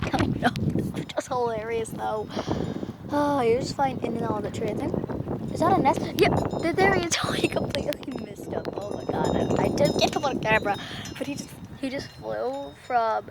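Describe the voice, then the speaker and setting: Young woman, casual vlog, giggly, rambling, lively pitch, phone mic outdoors, heavy rain noise. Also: moderate pace. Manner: giggly, rambling, frequently laughing. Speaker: vlogger. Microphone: phone camera held by hand.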